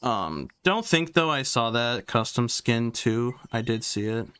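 A young man talks through his game in casual commentary, rambling and muttering to himself through frequent fillers. His voice sits at an ordinary middle pitch. A faint noise runs under the recording. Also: measured pace. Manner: rambling, talks to himself while sorting items, trails off with fillers; excitable, yells taunts when a fight starts. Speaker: gaming YouTuber.

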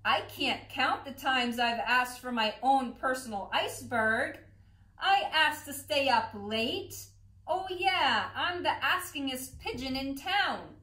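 A needy cartoon pigeon whines and pleads in a high voice, as a woman reads it aloud. The words come slowly, and the room rings with echo. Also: lively intonation, pushed and bright, heavily acted. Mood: whiny. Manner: complaining, pleading. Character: whiny, demanding cartoon pigeon who always asks for things. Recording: echoey room.

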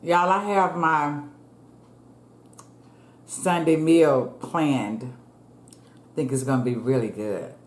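A woman's voice: deep voice, slow pace, pauses often. A woman chats casually to her viewers while she eats, calling them y'all in a loose, friendly way. She is recorded indoors in an echoey room. A faint hum of background noise sits under her voice. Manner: chatty, addresses viewers as y'all. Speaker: food vlogger.

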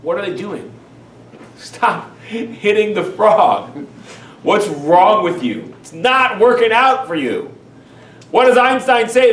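A rabbi gives an animated, emphatic lecture, firing rhetorical questions at his listeners. His voice is high for a man. The recording is roomy and echoey, with the mic well away from him. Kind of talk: lecture on Jewish teachings. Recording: echoey room, far from mic.

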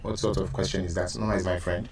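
A man's voice: low-pitched, little pitch movement, fast talker, crowd noise. An actor with a Nigerian accent playing an earnest, confused young man in a Nollywood film. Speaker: friend.

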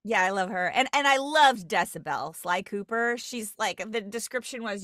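A woman's voice: mid-range voice, normal speed, hardly any pauses, fairly bright tone, no echo, studio quality. A woman with a Great Lakes American accent, a dialect coach and voice actress talking in a rambling, digressive podcast interview from home. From US Great Lakes region. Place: at home on a computer, remote.

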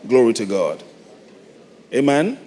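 A middle-aged Nigerian man preaching a sermon, moving from soft, reflective storytelling to loud, emphatic calls. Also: medium pitch, very animated, takes it slowly. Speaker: pastor. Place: large church hall. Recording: long hall reverb, faint noise.

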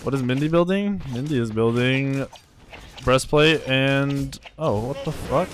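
A young man streaming a game live, commenting excitedly, swearing, trash-talking and thanking viewers from chat. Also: medium pitch, a little slow, a little hiss or hum. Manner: reads out chat and thanks donors.

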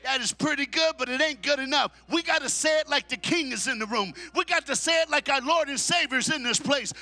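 A man preaching a sermon at a men's conference, shouting call-and-response lines and dropping into low, quick asides. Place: church hall at a men's conference.

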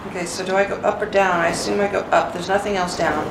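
A woman's voice: lowish voice, fairly even intonation, fast. A woman commenting on her own gameplay as she plays, talking to herself and swearing often in frustration. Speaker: gamer. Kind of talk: let's play commentary. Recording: echoey, distant mic, loud background noise.

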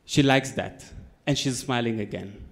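In a conference hall, a speaker around his thirties takes an unhurried pace as he tells a story to the audience. His pitch is medium, and his delivery is deadpan, punctuated by careful comic timing.

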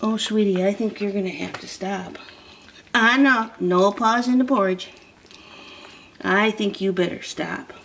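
Doting woman cooing slowly at a puppy. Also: medium pitch, vocal fry, fairly bright tone, slight background noise. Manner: sing-song, doting, slow and soothing. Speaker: dog breeder filming a puppy. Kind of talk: cooing baby talk to a puppy.

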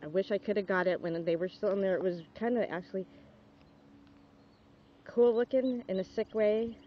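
A young woman outdoors on a dog walk, filming with a handheld camera and talking off the cuff, grossed out and repeating her exclamations, sometimes shouting for her dog. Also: mid-range voice, fairly even intonation, moderate pace. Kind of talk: unscripted phone-camera commentary. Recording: dull lo-fi home video with faint background noise.

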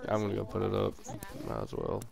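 A man's voice: fairly low pitch, completely flat delivery, vocal fry, over music. A young man with a sore throat chatting casually while playing in VR, laughing at himself and swearing freely. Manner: laughing, self-mocking, quick to swear. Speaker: gamer. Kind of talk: casual VR game chat. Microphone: VR headset.

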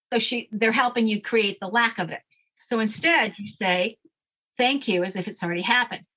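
A woman's voice: mid-range voice, a bit bright. A woman guest explaining a daily routine step by step in a firm, instructive way during a casual interview. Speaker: guest, name expert.

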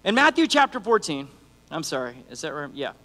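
A man's voice: on the high side, a little fast. A man preaching a sermon in a casual, conversational way, acting out the lines of people in his stories. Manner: animated, conversational, acts out quotes. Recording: long hall reverb.

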